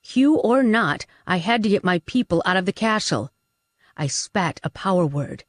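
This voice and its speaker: A woman reading a first-person action novel aloud as an audiobook narrator, dramatic and lively in the fight scenes. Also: normal speed, no echo, studio quality. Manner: dramatic, pushes character shouts high and loud.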